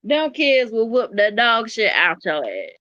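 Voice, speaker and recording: Bright, blunt co-host on dull audio. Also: medium pitch, huge pitch swings, unhurried, dry recording. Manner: emphatic, slangy and blunt. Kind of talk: casual chat.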